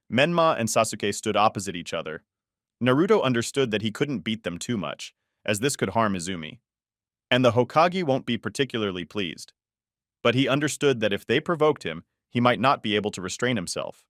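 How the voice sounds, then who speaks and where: Man, story narrator, low voice, dry close sound, flat even reading. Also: fairly quick, dry recording.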